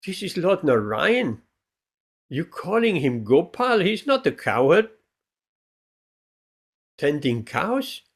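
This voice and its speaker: Man doing stern heaven folks telling someone off, raspy, slow. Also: on the high side, sing-song, heavily acted. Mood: scolding. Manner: scolding. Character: indignant heavenly residents rebuking a newcomer.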